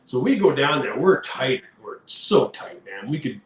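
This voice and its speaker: A middle-aged man from Canada, a rock musician telling animated road stories in a casual interview, with lots of fillers. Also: medium pitch, measured pace, distant mic. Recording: roomy echo with faint background hum.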